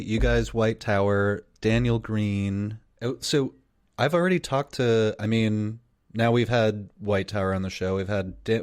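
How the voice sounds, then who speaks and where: A man's voice: on the low side, a little mellow. A man chatting casually on a podcast, rambling in an easygoing way. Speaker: podcast co-host. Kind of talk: casual chat.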